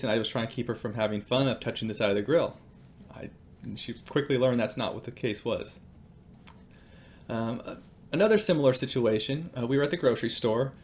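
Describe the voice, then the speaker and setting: A man in his thirties gives a relaxed devotional talk at a middle pitch, sharing family stories in a chatty, filler-laced way. Faint noise hums in the background. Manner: conversational, with fillers and storytelling. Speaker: Christian speaker.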